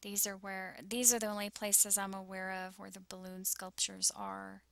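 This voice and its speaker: A woman's voice: medium pitch, little pitch movement, normal speed, gravelly, fairly bright tone, no room sound. A woman vlogging anxiously over a map, shaken and close to tears, often dropping into whispers. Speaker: YouTuber sharing visions.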